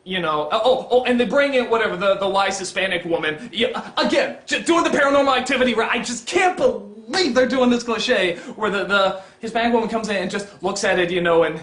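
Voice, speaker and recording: A man giving a comedic film review, exasperated and swearing, swinging between mutters and shouts. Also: high voice, fairly quick, hardly any pauses, roomy sound. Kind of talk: ranting comedic movie review.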